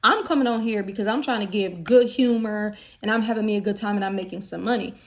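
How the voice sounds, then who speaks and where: A woman's voice: mid-range voice, fast. A woman from the United States talking candidly in a casual vlog, chatty and full of fillers. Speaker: vlogger.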